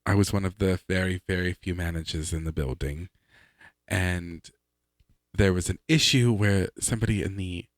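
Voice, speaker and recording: A man co-hosting a podcast, telling work stories in an animated way and laughing along as he goes. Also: deep voice, moderate pace, no room sound, clean studio sound. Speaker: podcast co-host. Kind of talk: casual chat, storytelling.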